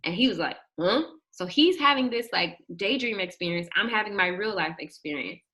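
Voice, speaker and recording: A young woman telling a personal story in an animated way, acting out the quotes and shrieking at the high points. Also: normal speed. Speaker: guest telling her birth story.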